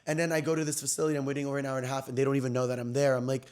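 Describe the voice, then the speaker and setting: Fast-talking young man spilling gossip. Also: mid-range voice, smooth. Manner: animated, slangy and gossipy, with quick swings in loudness. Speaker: podcast host. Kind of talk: casual storytelling chat.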